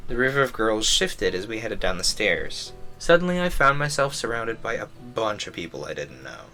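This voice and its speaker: A man's voice: lowish voice, big pitch swings, moderate pace, few pauses, pushed and bright, soft background music. A man streaming a visual novel, reading the story aloud and adding chatty, amused commentary. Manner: chatty, amused asides between read lines.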